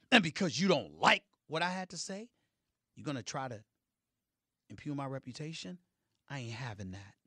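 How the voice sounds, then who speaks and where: A middle-aged man giving heated sports commentary, emphatic, swinging between loud declarations and low, intense remarks. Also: dry recording, studio quality.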